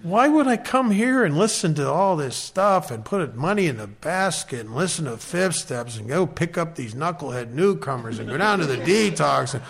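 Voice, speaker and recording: American man, fairly high voice, wry and self-mocking; telling his recovery story to a meeting. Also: animated, normal speed, creaky, few pauses, fairly bright tone, breathy edge. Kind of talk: personal recovery talk.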